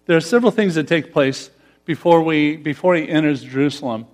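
A man's voice: on the high side, fairly quick, darkish tone, faint music behind. A pastor preaching a conversational sermon, putting questions to his congregation. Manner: conversational, asks the congregation questions, laughs often.

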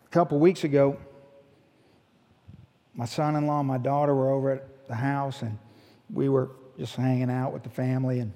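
A middle-aged man, a pastor telling a story in a sermon and acting out the people in it. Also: mid-range voice. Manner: animated storyteller, voicing the people in his story. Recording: long hall reverb.

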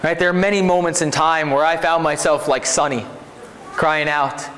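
A man's voice: fairly high pitch, fairly even intonation, normal speed, a bit bright, long reverb tail. A man preaching a sermon as pastor in a conversational way, often checking in with his listeners. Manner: conversational, asks 'right?' often.

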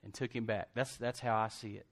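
A man's voice: on the low side, flat delivery, a little fast. A man preaching a sermon, telling the story conversationally and in a folksy way, acting out quotes and laughing often. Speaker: pastor.

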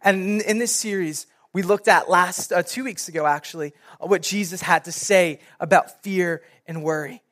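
A young man, a youth pastor, giving a sermon and telling a personal story in a casual, animated way. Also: high-pitched, moderate pace, hardly any pauses.

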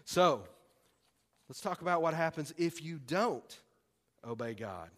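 A man preaching a sermon in a folksy, excitable way, breaking into sudden loud bursts. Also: on the high side, slow. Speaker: pastor. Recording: long hall reverb.

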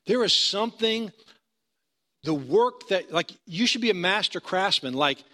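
A man's voice: high voice, expressive, unhurried, bright, forceful tone. A male pastor preaching a sermon in a conversational storytelling manner, building to emphatic points.

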